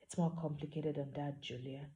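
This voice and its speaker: A woman voicing a gentle, mysterious young man who talks quietly, earnestly and formally. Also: sits low, fairly even intonation, moderate pace, close to an everyday voice.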